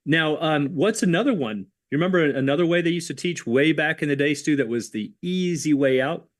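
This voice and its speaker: A man's voice: a little high, a little fast. Man explaining trading rules casually. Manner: conversational, explains with examples. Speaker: options educator co-host. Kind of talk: livestream lesson, casual explaining.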